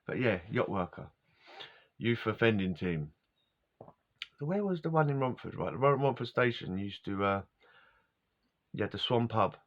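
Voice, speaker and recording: Middle-aged man, low voice, loose rambling talk, dull lo-fi sound. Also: lively intonation, normal speed, pauses often. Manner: casual and wandering, laughs often, loses his words. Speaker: vlogger. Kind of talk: rambling personal storytelling. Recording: dull lo-fi recording.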